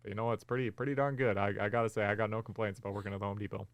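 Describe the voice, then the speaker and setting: Smooth, dry-voiced relaxed man. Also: lowish voice, rapid-fire, dry recording. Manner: relaxed, rambling with many ums. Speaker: podcast co-host. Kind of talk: casual chat.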